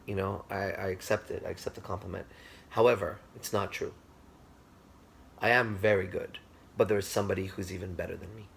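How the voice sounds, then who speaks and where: A man voicing a humble gravelly flute player. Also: low-pitched, fairly even intonation, a little fast, slight background noise. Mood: earnest. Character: humble male flute player, calm and modest.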